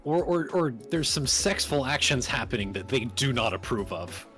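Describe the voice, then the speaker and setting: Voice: mid-range voice, expressive, moderate pace, a bit bright, faint music behind. A co-host chatting casually on a stream, dry and teasing.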